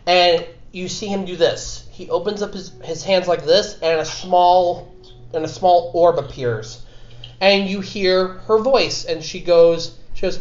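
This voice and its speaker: A man running a tabletop game as game master, narrating in a halting, self-correcting way. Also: high voice. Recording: dull, echoey room.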